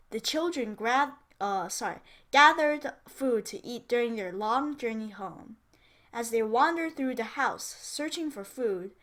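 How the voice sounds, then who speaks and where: Lady reading a storybook slow, high bright voice, for english class. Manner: slow, clear reading aloud, with small asides.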